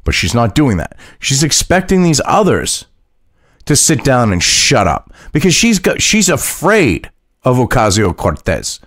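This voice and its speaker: A man's voice: medium pitch, huge pitch swings, a little slow, fairly bright tone, no echo, studio quality. A man hosting casual political commentary, mocking and profane, reading news aloud and reacting to it. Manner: mocking, profane, laughs at his own jokes.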